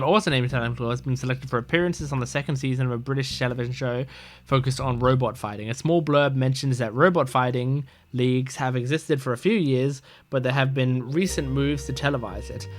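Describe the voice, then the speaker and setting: A man's voice: mid-range voice, fairly bright tone. A man casually playing a mystery game, reading its text aloud and rambling through side stories. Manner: rambling, full of fillers and restarts.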